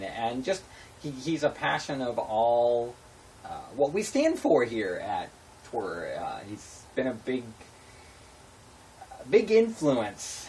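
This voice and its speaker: A man's voice: lowish voice, a little mellow. A man hosting a casual web show, talking off the cuff with many fillers and restarts. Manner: rambling, full of fillers and restarts. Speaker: show host. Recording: distant mic with faint noise.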